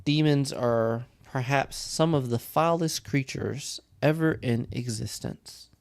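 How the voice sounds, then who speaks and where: A man acting as game master, explaining game lore in a slow, deliberate way. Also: medium pitch, creaky, clean tone.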